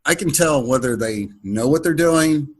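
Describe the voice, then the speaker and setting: A man hosting a podcast over a video call, talking in a relaxed, rambling way with crude humor. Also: a little high, normal speed, low-quality recording. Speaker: podcast host.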